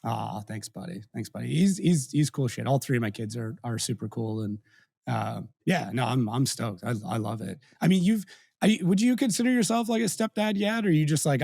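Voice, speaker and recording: Relaxed man hosting, dry close sound. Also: medium pitch, brisk, creaky, no room sound. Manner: relaxed, affirming interviewer. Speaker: podcast host. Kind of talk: casual interview chat.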